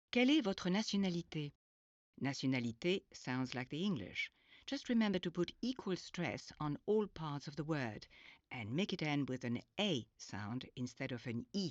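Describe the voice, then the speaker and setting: A woman teaching a scripted language lesson in a clear, patient, instructive way. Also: deep voice, very animated, normal speed, dry recording. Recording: dull lo-fi audio.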